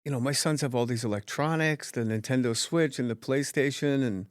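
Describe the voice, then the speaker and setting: A man's voice: mid-range voice, brisk, no echo, clean studio sound. A middle-aged man hosting a podcast interview, chatty and joking as he steers the talk with questions. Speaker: podcast host. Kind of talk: casual interview chat.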